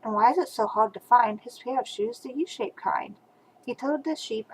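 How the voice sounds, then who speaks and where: An older woman, a grandmother, reading a rhyming picture book aloud to a small child over a webcam, with soft asides between verses. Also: on the high side, normal speed, a little hiss or hum, rough recording.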